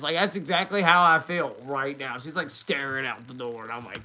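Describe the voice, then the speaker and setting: A man's voice: a little high, brisk, sharp tone. A man hosting a livestream, chatting casually, swearing and laughing between rambling remarks. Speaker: livestream host.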